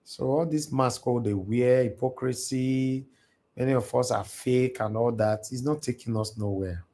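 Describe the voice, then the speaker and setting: A Nigerian man with a Pidgin-flavoured accent hosts a live stream from his house and speaks at middling pitch. He preaches with fervour, circling back and repeating his points. His delivery slides between English and a casual Pidgin lilt. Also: normal speed, mellow. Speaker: livestream host. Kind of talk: impassioned live-stream monologue. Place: alone in a large house. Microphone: computer mic on a live stream.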